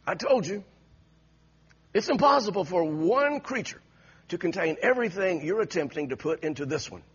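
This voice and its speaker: A preacher voicing a questioning male angel in a husky, raised voice during a sermon story. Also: sits high, expressive, unhurried, long pauses, fairly bright tone, dull audio, voice pushed up, full character voice. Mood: doubtful. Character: eager high-voiced male angel questioning his maker.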